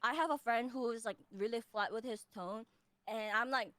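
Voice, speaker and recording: A woman co-hosting a casual stream chat, laughing often and talking in an animated way. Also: on the high side, normal speed, no room sound. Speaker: streamer co-host.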